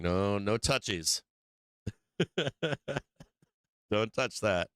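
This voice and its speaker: A man's voice: mid-range voice, measured pace, pushed and bright, clean tone, no room sound, studio quality. A man hosting a live stock market stream, commenting casually on charts, laughing often, swearing and teasing his chat. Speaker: stock market livestream host.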